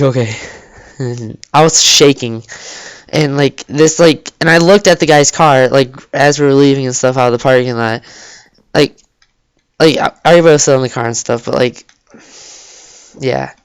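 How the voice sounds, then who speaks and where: A man's voice: medium pitch, clean tone, dry recording. A teenage boy telling a story in a rambling, casual way, full of restarts and "like", in his bedroom. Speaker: vlogger. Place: cold bedroom.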